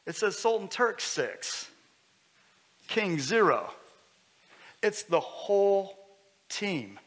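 A man preaching a sermon as pastor, conversational and lively, with sudden loud bursts. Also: high voice, extremely slow. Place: church hall. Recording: long hall reverb.

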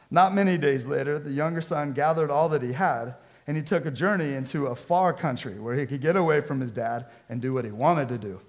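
A man, a pastor from the Seattle area, preaching a sermon with lively storytelling and acted-out quotes. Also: a little high. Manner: storytelling, animated, acts out quotes.

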